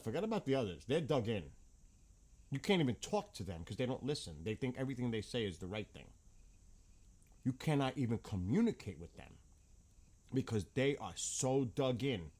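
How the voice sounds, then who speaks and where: A man's voice: medium pitch, darkish tone. A man ranting bluntly about politics in a casual vlog, heated and swearing often. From United States. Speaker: vlogger.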